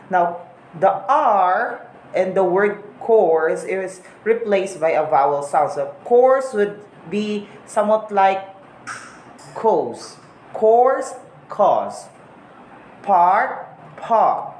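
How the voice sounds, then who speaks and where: Woman, teacher, repeats words slowly, echoey room, faint background noise. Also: mid-range voice, a little mellow. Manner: slow, repeats example words to model pronunciation. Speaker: English teacher. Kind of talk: recorded lesson on English accents.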